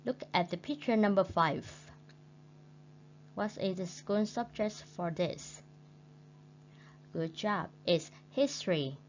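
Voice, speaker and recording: A woman English teacher with a Vietnamese accent, leading a recorded lesson slowly and repeating words for her learners. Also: lowish voice. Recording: dull lo-fi recording with faint hum.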